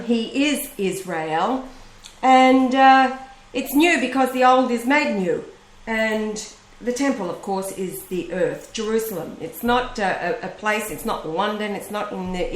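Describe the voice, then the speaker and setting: A woman hosting a religious online show, talking slowly and emphatically in a preaching manner with long pauses. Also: medium pitch. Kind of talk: religious web show monologue. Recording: echoey room.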